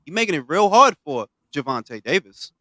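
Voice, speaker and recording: A man co-hosting a casual boxing talk show, animated and profane, full of street slang. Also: on the high side, brisk, no room sound, rough recording. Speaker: podcast co-host.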